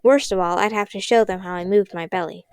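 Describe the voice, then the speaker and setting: Woman reading a novel aloud, gentle steady pace, dead dry close mic. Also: mid-range voice, fairly quick, smooth, no room sound. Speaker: audiobook reader. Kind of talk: storybook narration.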